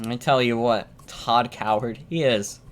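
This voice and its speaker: Brief: foul-mouthed live streamer, mid-pitched voice, loose rambling rant about video games. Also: steady tone, unhurried, a little hiss or hum. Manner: profane, ranting, repeats themselves. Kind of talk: casual live-stream reaction chat.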